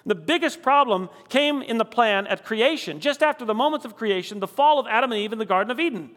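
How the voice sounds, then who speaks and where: A man preaching a sermon, asking rhetorical questions one after another and slowing down to stress key words. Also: very high-pitched, lively intonation, fairly bright tone, long reverb tail. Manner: dramatic, rhetorical questions, slows for emphasis.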